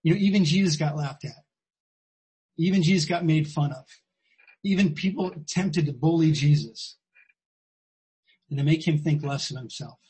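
A man's voice: a little high, moderate pace, pauses often, a little mellow, breathy edge, low-quality recording. A man preaching a sermon in a conversational, emphatic way, repeating his key phrases.

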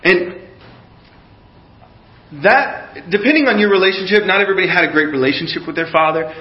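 A middle-aged man preaches in a higher-pitched voice, putting direct questions to his listeners. At times he drops to a hushed tone to lead them through imagery. The recording is dull and lo-fi. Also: a little fast, reverberant. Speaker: pastor. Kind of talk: sermon.

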